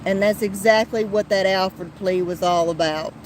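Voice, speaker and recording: A woman hosts a casual commentary podcast, speaking bluntly and heatedly, restarting her sentences often and swearing now and then. Her mid-range voice keeps a fairly even intonation at a moderate pace, with slight background noise on a rough recording.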